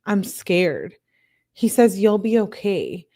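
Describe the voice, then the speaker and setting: A woman hosting a show, reading text messages aloud in a plain, steady way and breaking off for blunt, disbelieving asides to her viewers. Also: medium pitch, slow pace. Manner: reads chat comments aloud to viewers. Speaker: channel host.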